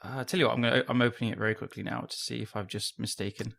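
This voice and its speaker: A man from London with a London accent, co-hosting a casual podcast chat, chatty and quick to tease and laugh. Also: mid-range voice, steady tone, creaky, a bit bright. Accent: London English. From London, England. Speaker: podcast co-host.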